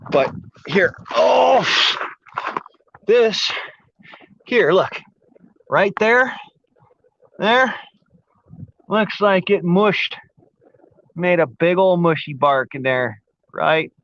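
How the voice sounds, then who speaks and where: A man's voice: high-pitched, animated, very slow, pauses often, a bit bright, dry recording. A man chatting casually in a rambling, folksy way, with an occasional swear. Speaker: vlogger. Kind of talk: casual chat while showing an air gun. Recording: slightly muffled lo-fi audio.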